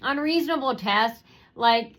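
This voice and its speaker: A woman's voice: a little high, measured pace, fairly bright tone, poor audio. A woman telling a personal story in a rambling way, with many fillers and restarts.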